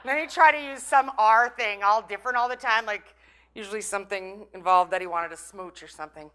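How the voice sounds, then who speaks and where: A middle-aged woman gives a motivational talk to a live audience. Her voice is bright and forward, sitting in an ordinary middle register. She is chatty and playful and keeps teasing her listeners. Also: medium pitch, brisk, clear, resonant tone. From Minnesota. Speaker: conference breakout speaker.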